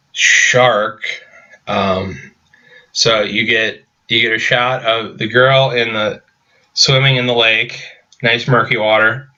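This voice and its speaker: A man's voice: medium pitch, pushed and bright, muffled recording. A man giving a casual, sarcastic movie review, rambling with stumbling restarts.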